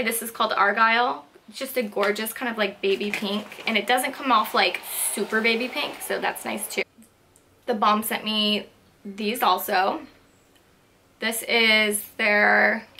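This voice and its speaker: A young woman beauty vlogger chatting casually through a makeup haul, gushing and excitable. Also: on the high side. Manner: gushing, excitable, lots of "like" and "so cute". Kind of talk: casual product haul chat.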